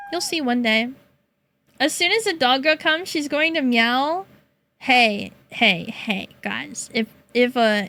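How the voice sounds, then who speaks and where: Bright-voiced playful young woman streamer. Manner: playful, teasing, laughs often, meows in a high voice. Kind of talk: casual chat with chat.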